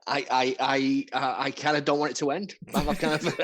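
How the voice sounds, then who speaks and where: A British man, a comedian guest, speaking in a laid-back, hesitant way over a video call from his flat. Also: medium pitch, moderate pace. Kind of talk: casual online chat. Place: flat at home.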